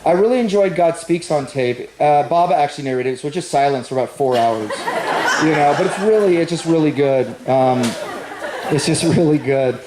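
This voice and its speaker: A man's voice: on the high side, fairly quick, a crowd in the background, noisy background. A man doing a stand-up comedy set, telling a rambling self-deprecating story and bantering with the audience. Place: large echoey venue with live audience. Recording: roomy live stage recording.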